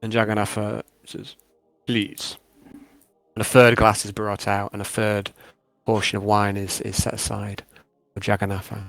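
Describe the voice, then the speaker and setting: A man's voice: fairly low pitch, completely flat delivery, moderate pace, creaky, a bit bright, dry recording. A man running a tabletop game as game master, narrating scenes in a descriptive way with many fillers.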